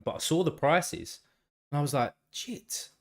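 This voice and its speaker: A man's voice: on the high side, moderate pace. A man hosting a casual live stream, with a congested, nasal voice, rambling along and talking to his viewers by name. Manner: rambling, talks to chat viewers by name, many restarts. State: congested, still a bit tired.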